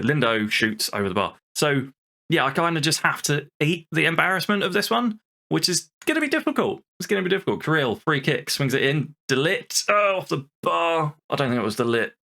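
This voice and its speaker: A man's voice: mid-range voice, sharp tone. A man hosting a gaming channel, giving exasperated, sweary commentary over a football management game. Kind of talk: let's-play commentary.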